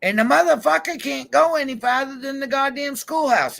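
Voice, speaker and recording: Gravelly high-voiced man ranting. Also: moderate pace, fairly bright tone. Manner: heated, swears constantly, addresses people directly. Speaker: YouTube vlogger. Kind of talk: angry profane rant to camera. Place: van.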